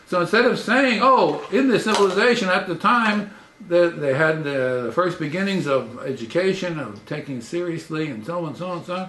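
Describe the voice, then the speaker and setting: An older man giving an informal lecture, halting and repeating words, chuckling at his own points. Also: a little high, fairly bright tone. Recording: roomy lecture hall sound.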